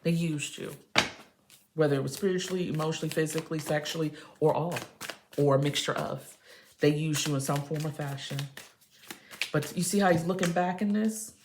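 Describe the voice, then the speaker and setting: A woman's voice: low voice, fairly quick, noisy background. A woman giving a tarot reading to camera, talking straight to the listener in an emphatic, preachy, casual way. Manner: casual, says baby and y'all. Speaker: tarot reader.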